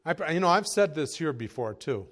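A man preaching a sermon as pastor, telling folksy stories with chuckles and moving from quiet asides to raised exhortation. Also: a little high, big pitch swings, normal speed.

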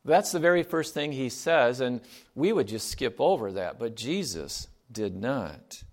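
A man's voice: medium pitch, big pitch swings, a little slow. A man giving a sermon in a conversational way, reading scripture aloud and asking his listeners rhetorical questions. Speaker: preacher.

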